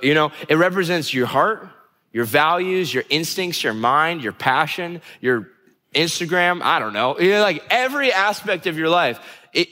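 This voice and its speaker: A young adult man preaching a sermon in a conversational, animated way, teasing his listeners. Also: fairly high pitch, big-room sound. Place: church hall before a live congregation.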